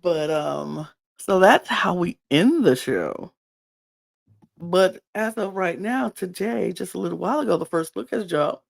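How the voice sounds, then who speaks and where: Chatty woman with vocal fry. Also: lowish voice, animated, a little slow. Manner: rambling, chatty, with frequent ums and restarts. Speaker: podcast recapper. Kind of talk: casual reality-show recap.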